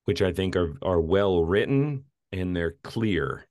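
Deep-voiced man retelling film scenes. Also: expressive, a little slow, darkish tone, dry recording, clean studio sound. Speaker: film podcast co-host. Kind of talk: casual film review chat.

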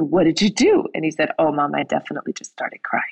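Husky, gravelly woman telling a story. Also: low voice, fast talker, dry recording, low-quality recording. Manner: animated storytelling, acting out quoted voices. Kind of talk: casual conversation.

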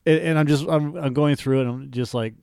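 A man co-hosting a casual podcast chat, swearing freely and ranting with animated energy. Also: a little high, brisk, gravelly, clear, resonant tone, no echo. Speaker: podcast co-host.

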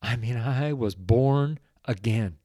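A man's voice: medium pitch, warm tone, dry recording, studio quality. A middle-aged man hosting a devotional podcast, praying and sharing testimony in an earnest, emotional way, choked up with tears. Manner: emotional, tearful, slow and earnest. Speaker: podcast host.

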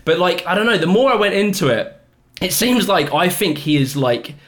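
Laid-back British man, higher voice. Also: lively intonation, normal speed, fairly bright tone. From Britain. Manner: laid-back, rambling, laughs often. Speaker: podcast guest. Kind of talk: casual chat.

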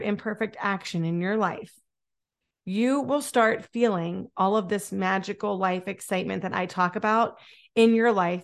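Upbeat woman hosting a motivational podcast. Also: mid-range voice. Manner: upbeat, encouraging, repeats words for emphasis. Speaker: podcast host. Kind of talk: motivational solo podcast talk.

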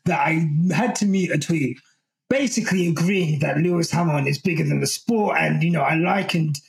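A man's voice: on the high side, normal speed, creaky, low-quality recording. A man hosting a podcast, chatting casually with frequent fillers and restarts. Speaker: podcast host. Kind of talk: casual chat.

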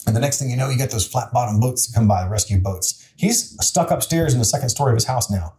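A man's voice: medium pitch, lively intonation, quick pace, hardly any pauses, mellow. A man in his forties, a city council member and interview guest, telling a story in an earnest, plainspoken way with frequent restarts. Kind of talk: candid conversational storytelling.

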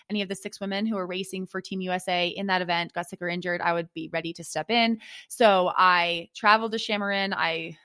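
Animated woman telling a story. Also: mid-range voice, clean tone. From United States. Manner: rambling, animated storytelling with many fillers. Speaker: podcast co-host and triathlete. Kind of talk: casual chat.

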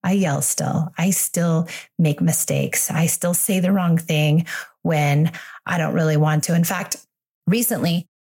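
A woman in her forties, a parenting coach, hosts a solo podcast monologue about her own mistakes as a parent, speaking candidly and reassuringly. Her low voice is dark-toned with a breathy edge, fairly even in intonation, and measured in pace.

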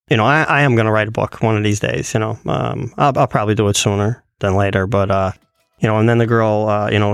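A man's voice: fairly low pitch, clean tone, no echo. Man telling a story, dry close sound. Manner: animated, quoting others in his retelling. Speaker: guest telling a personal story. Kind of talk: casual storytelling.

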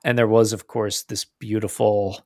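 A man's voice: on the low side, flat delivery, moderate pace, no room sound, clean studio sound. A man co-hosting a podcast, talking in an enthusiastic, casual way and often restarting his phrases. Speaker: podcast co-host. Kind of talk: casual chat.

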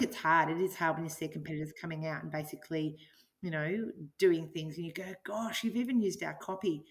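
A middle-aged woman speaking as an interview guest, earnest and enthusiastic, reflecting on her business and her life. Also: low voice. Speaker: guest, business owner and author. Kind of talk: podcast interview.

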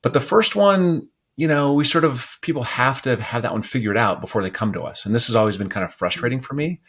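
A man's voice: medium pitch, animated, a little fast, a bit bright, husky. A man hosting a podcast, asking thoughtful and skeptical interview questions in a casual way. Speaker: podcast host.

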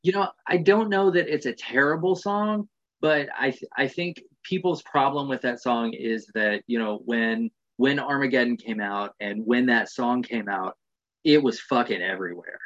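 A man's voice: mid-range voice, normal speed, a bit bright, dull audio. An American man hosting a podcast, talking in a laid-back, rambling way and swearing casually. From United States. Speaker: podcast host. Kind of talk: casual interview.

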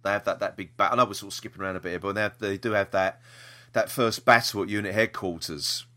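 A man's voice: on the low side, steady tone, quick pace, bright, forceful tone. A man co-hosting a podcast, talking casually with fillers and laughs. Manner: chatty, lots of fillers and laughs. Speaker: podcast co-host. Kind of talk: casual chat.

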